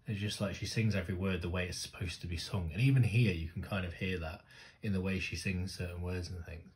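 Male reaction vlogger, lowish voice, excitable and sweary, addresses the screen directly. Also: a little fast. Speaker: music video reactor. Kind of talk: casual reaction commentary.

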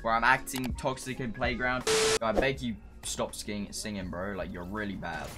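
A man in his twenties hosting a gaming video, playfully toxic as he mocks strangers in game voice chat, with loud mocking outbursts. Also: fairly low pitch, steady tone, normal speed, loud music behind the voice. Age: 20s.

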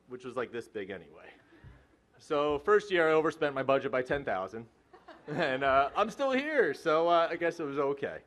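A man's voice: medium pitch, very animated, a little fast, fairly bright tone. A man in his forties, a head track coach, giving a joking, self-deprecating and rambling hall of fame acceptance speech. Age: 40s.

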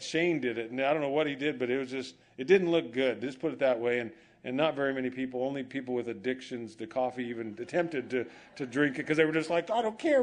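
A man's voice: mid-range voice, a little mellow. A male pastor preaching a sermon in a church, telling humorous stories and acting out bits of dialogue. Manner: storytelling with humor, acts out quoted dialogue.

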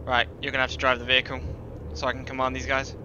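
A man's voice: medium pitch, monotone, very fast, dull audio, noisy background. A young man swearing, laughing and giving orders as a platoon sergeant in casual game voice chat. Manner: laughs often, swears freely, gives orders.

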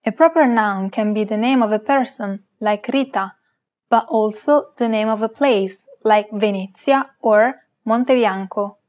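A woman's voice: on the high side, unhurried, darkish tone. Woman co-host saying example words. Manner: carefully pronounces example words for learners to repeat. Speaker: language lesson co-host. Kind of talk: scripted language lesson.

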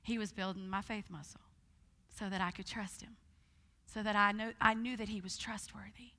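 A woman preaching at a conference, telling her story in a lively way and acting out the voices of the people in it. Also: medium pitch, moderate pace. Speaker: guest speaker. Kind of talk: conference sermon with testimony. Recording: long hall reverb.

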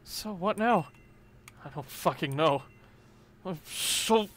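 A man's voice: sits high, lively intonation, a little slow, a bit bright. A man co-hosting a game playthrough, reading the dialogue aloud with drama and frequent swearing. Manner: dramatic, swears a lot when reading lines. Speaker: let's play co-host.

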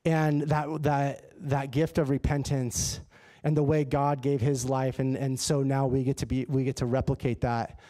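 A man preaching a sermon in a church, telling a personal story in a lively, conversational way. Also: medium pitch, normal speed, hardly any pauses. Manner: animated and conversational, acts out his own dialogue. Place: church sanctuary.

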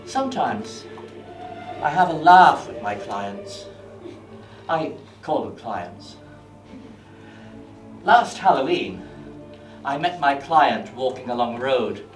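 An actor playing a dry-humoured male Grim Reaper in a stage monologue, low and wry. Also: lively intonation, slow, long pauses. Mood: deadpan. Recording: distant echoey stage with music.

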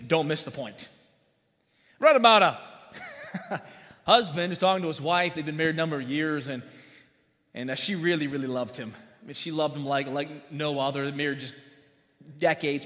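A man preaching in a church, his voice high and bright. He talks in a folksy way, tosses out jokes and asks the congregation questions. The sound rings with long hall reverb. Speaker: pastor. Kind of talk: sermon with jokes. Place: church sanctuary.

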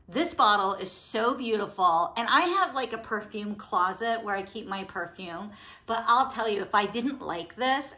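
Woman, beauty vlogger, casual review chat, gushing, rambling, bright voice, mid pitch.

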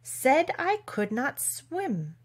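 A woman's voice: high-pitched, big pitch swings, drawn-out words, voice pushed up, full character voice. A woman voicing a fussy, pompous old king presiding over a trial in a storybook reading. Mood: musing.

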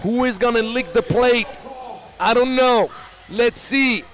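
A man giving live basketball play-by-play, excitable and rising to shouts on big plays. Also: very high-pitched, takes it slowly. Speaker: play-by-play commentator.

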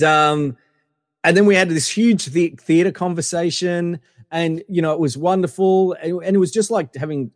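A man with a fairly high speaking voice tells a rambling, casual story, full of fillers and quoted exchanges. His voice sits close and dry on the mic, but a long reverb tail trails behind it. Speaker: guest.

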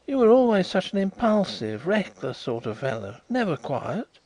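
A man's voice: high-pitched, sing-song, normal speed, darkish tone, voice pushed up. A man voicing an earnest, slightly flustered middle-aged ex-solicitor turned detective in an audiobook reading.

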